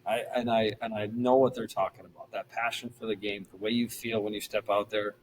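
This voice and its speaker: A middle-aged man, a former pro pitcher, telling stories casually as a podcast guest and acting out the people he quotes. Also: fairly quick, slight background noise, low-quality recording. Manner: animated, acts out quoted voices. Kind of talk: casual storytelling.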